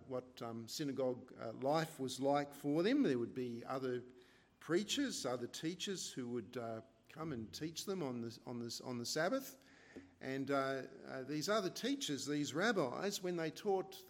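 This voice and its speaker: A man's voice: fairly high pitch, expressive, measured pace. A man preaching an expository sermon in a conversational way, often asking his listeners rhetorical questions. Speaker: pastor.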